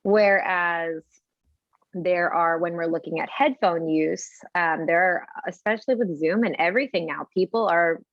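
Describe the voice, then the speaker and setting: Lowish woman audiologist walking through examples, dry dull video call sound. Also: no echo. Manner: measured, explains with examples and quoted asides. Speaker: audiologist guest. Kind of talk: explanatory interview talk.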